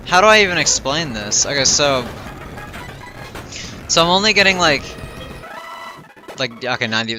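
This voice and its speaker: A man's voice: mid-range voice, pushed and bright. A tired young man streaming a game, thinking aloud in a rambling way with lots of fillers. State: tired and yawning. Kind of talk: casual gameplay livestream chat. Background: game music.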